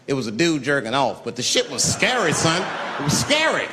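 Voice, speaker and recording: A man doing stand-up, telling a profane story and acting out the characters with wild shouts. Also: a little high, very animated, brisk. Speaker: stand-up comedian. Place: comedy venue with live audience. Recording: live stand-up recording with crowd noise. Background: audience laughter.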